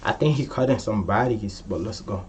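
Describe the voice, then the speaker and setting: A man's voice: lowish voice, fairly quick, a crowd in the background. A man hosting a reaction video, chatting casually in loose slang and talking back to the story.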